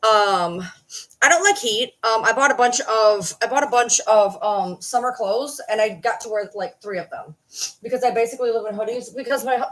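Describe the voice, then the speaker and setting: A woman's voice: mid-range voice, moderate pace. A woman chatting casually on a late-night livestream from home, blunt, rambling and swearing freely.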